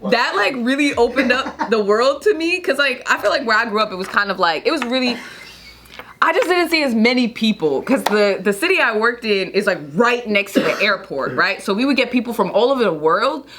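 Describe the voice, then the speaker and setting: A woman's voice: fairly high pitch, animated, brisk, fairly bright tone, a little hiss or hum. A woman from New York telling brash, profane stories as a podcast guest, laughing often. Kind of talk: casual podcast chat.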